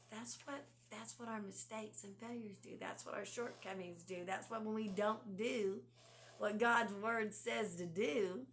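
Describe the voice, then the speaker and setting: A woman giving a conversational devotional talk. She asks the listener many rhetorical questions, sometimes sinks to a hush, and reads scripture slowly. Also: medium pitch. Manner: drops to a hushed, near-whispered delivery at times. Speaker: devotional speaker.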